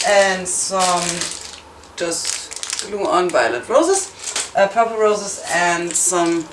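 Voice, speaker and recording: Rambling self-mocking woman in a roomy space. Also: fairly low pitch. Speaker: craft tutorial host. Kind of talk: casual crafting tutorial. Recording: roomy, distant, noisy home recording.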